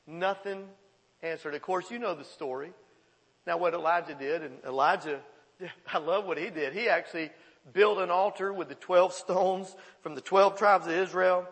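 A male pastor preaching a sermon in a folksy, animated storytelling way, in a church. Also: high-pitched, normal speed, long reverb tail.

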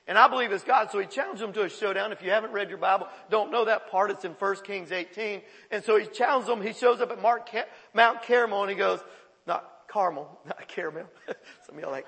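Male pastor, folksy storytelling sermon, high voice, gravelly, long church reverb. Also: moderate pace. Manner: folksy, animated storytelling with laughs and paraphrase.

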